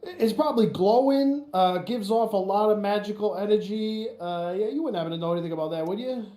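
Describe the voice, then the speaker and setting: A man playing a tabletop game, excitable and halting, with many restarts. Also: sits high. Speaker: player. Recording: echoey room.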